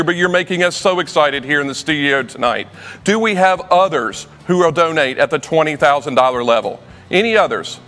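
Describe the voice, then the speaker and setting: Man auctioneer, rousing studio appeal, slightly high voice, long reverb, faint music behind. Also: a bit bright. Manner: rousing, calls out donation levels. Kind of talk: fundraising appeal.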